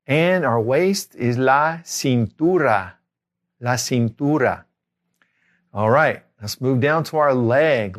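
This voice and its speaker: Language tutor, man, middle-aged, slow steady delivery, repeats every word twice. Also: medium pitch. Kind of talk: spoken language lesson.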